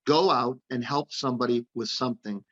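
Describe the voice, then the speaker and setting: A man's voice: medium pitch, brisk, fairly bright tone, lightly acted. A man voicing his stern, bossy girlfriend, scolding firmly, on dull lo-fi audio. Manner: firm, scolding.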